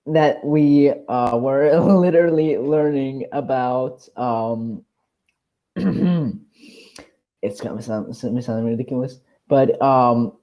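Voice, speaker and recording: A man's voice: medium pitch, dark tone, muffled recording. A teenage boy in casual chat, telling a story with many hesitations and restarts. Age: teens. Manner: hesitant, lots of ums and restarts, embarrassed.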